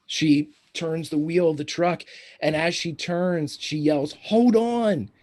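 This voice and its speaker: A man's voice: on the high side, flat delivery. A man narrating scenes and calling for dice rolls as game master of a tabletop game. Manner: descriptive, unhurried, calls for rolls.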